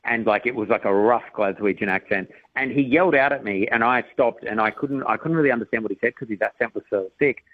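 A man, a comedian telling funny stories as a radio guest, lively and laughing. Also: medium pitch, fast, few pauses, no echo, narrow, tinny audio. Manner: animated, storytelling, laughs a lot. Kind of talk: casual radio interview.

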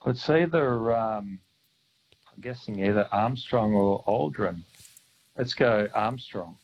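A man's voice: fairly low pitch, slow pace, darkish tone, highs cut off. An easygoing man calling in to a radio quiz. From Australia. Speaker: radio caller. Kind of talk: casual phone-in chat.

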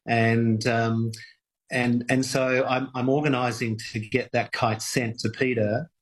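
A man being interviewed on radio about his kite work, talking in a halting, reflective way with many repeated words. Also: mid-range voice, flat delivery, rough recording. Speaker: kite workshop owner, radio guest.

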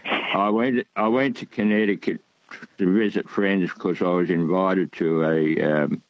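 An older man, calling in to a radio show and telling a long story, halting with many ums and restarts. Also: low-pitched, fairly even intonation, no echo, highs cut off. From Australia. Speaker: caller. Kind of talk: radio call-in chat. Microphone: telephone.

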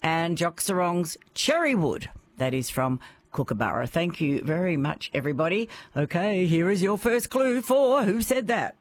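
Lively Australian radio host woman. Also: lowish voice, normal speed, no room sound. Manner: bubbly, laughs often. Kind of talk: radio quiz show chat.

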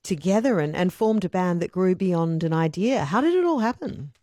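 A woman hosting a radio interview, chatty and quick to prompt and finish her guest's thoughts. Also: fairly low pitch, animated, warm tone, no room sound, studio quality. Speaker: radio host.

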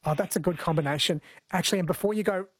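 High-voiced male radio host. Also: fairly bright tone, husky, dry recording, clean studio sound. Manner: friendly, quick to laugh. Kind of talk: casual radio chat. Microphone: studio mic.

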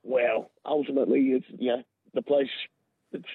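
A man's voice: mid-range voice, fairly even intonation, moderate pace, creaky, husky, dry recording. A man with an Australian accent calling into a radio show, chatting easily about his town. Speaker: caller. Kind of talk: phone-in chat. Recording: tinny phone line.

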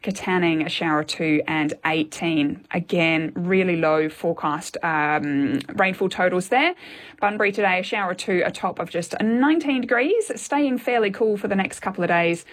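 A woman reading a weather forecast on radio, then chatting with a wry, brisk manner. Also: on the low side. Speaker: weather presenter. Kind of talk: weather report then casual chat.

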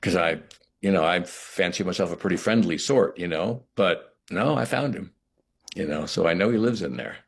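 Low husky-voiced man, musing. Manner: thoughtful, halting, with frequent restarts and "you know". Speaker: actor, interview guest. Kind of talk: reflective interview conversation.

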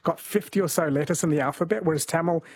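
Husky-voiced male radio host. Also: fairly high pitch, fast talker, no room sound. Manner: gentle, chatty, laughs easily. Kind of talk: overnight radio quiz hosting. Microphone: studio microphone.

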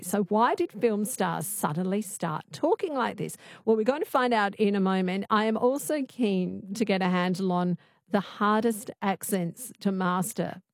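A woman's voice: medium pitch, darkish tone, no room sound. Brief: woman, late-night radio host, conversational, dry close studio mic. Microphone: studio microphone.

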